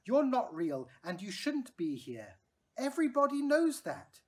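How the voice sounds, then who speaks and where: Storybook little girl, spirited and excitable, high bright voice that swoops around, put on by a woman reading aloud. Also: a little slow. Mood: upset. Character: spirited little girl who befriends an elephant.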